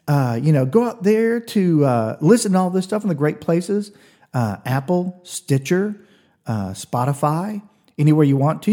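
A man's voice: mid-range voice, dark tone. A man hosting a podcast, telling a comic story in a chatty way, with confiding asides to the listener. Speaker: podcast host.

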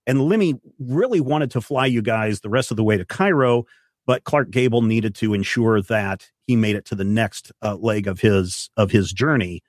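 A man's voice: lowish voice, moderate pace, no room sound, clean studio sound. Man narrating as game master. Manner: descriptive narration with rules explanations, some restarts.

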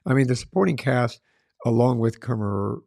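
A man's voice: mid-range voice, lively intonation, moderate pace, creaky, a little mellow, no room sound, studio quality. A middle-aged man co-hosting a casual film review chat, talking earnestly and often restarting his phrases.

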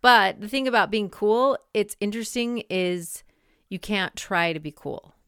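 A woman's voice: mid-range voice, unhurried, fairly bright tone, clear, resonant tone, no room sound, studio quality. A woman in her forties hosting a podcast, talking in a chatty, rambling way full of fillers. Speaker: podcast host. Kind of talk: casual monologue.

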